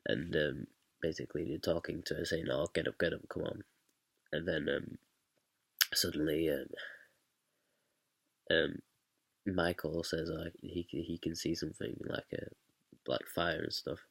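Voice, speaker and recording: A man's voice: rumbling low, steady tone, measured pace, vocal fry, pauses often, a bit bright, husky, no echo. A young man casually explaining how he directed a stage scene, hesitant, with many fillers and restarts. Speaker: student director.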